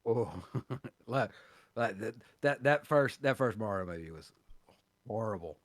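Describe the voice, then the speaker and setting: A man's voice: fairly low pitch, animated, unhurried, dry recording. A man co-hosting a podcast in casual chat, rambling with frequent restarts and easy laughter. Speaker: podcast co-host.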